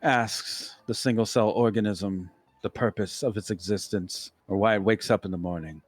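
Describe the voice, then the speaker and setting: A man voicing a cold, imposing male bartender who speaks in a formal, measured, lecturing way. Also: lowish voice, dry recording, natural voice.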